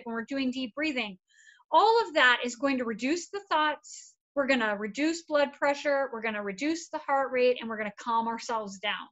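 A woman's voice: sits high, a bit bright, highs cut off. A woman therapist giving a casual, upbeat wellness workshop, encouraging and repetitive. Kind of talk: casual instructional talk.

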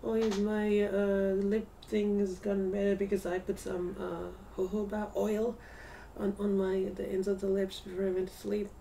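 A tired woman records a casual video diary at home. She speaks in a mellow, low-key voice, hesitant and soft, and now and then slips into a whisper. She sits a little away from the mic, with a faint hum in the room. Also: flat delivery, moderate pace, gravelly, recorded from a distance. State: tired, yawning. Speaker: vlogger.

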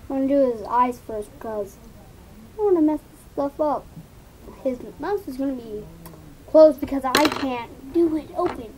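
High-voiced chatty woman vlogging. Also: normal speed, long pauses, a little mellow, a little hiss or hum, low-quality recording. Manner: rambling, chatty self-talk with asides to viewers. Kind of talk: casual commentary while painting.

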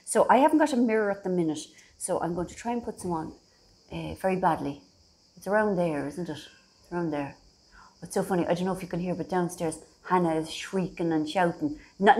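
A middle-aged Irish woman chatting casually to her phone camera from a holiday house, rambling and self-deprecating. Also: lowish voice. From Ireland. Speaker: vlogger.

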